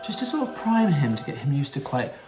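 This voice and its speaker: A young man hosting a casual home vlog, playful and camp, breaking into sudden squeals of excitement. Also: fairly high pitch, fast talker, over music. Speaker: vlog host.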